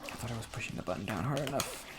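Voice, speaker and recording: A young man talking casually and self-reflectively while playing a video game, rambling with soft laughs. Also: medium pitch, expressive, very fast. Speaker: gaming vlogger. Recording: music playing underneath.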